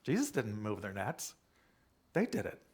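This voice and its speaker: A man's voice: lowish voice, wildly swooping pitch, a little slow, a little mellow. Man preaching a conversational sermon. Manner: conversational, repeats key phrases. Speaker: minister.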